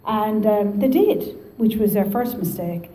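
A woman with an Irish Midlands accent telling her story at a recovery meeting, lively and joking. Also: medium pitch, unhurried, reverberant, a little hiss or hum, poor audio. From Ireland. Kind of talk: personal testimony to an audience.

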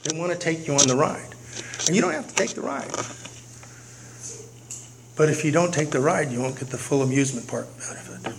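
A man tells a funny story about himself to a recovery meeting, talking quickly in a slightly high voice. The recording carries a clear hiss of noise throughout. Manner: humorous, self-deprecating, animated. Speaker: speaker sharing at a recovery meeting.

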